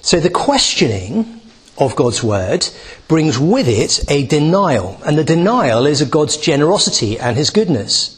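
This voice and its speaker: A man's voice: fairly high pitch, very animated, unhurried, slightly rough. A man giving a Bible teaching talk, reading a passage and explaining it with many restarts and asides. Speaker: preacher.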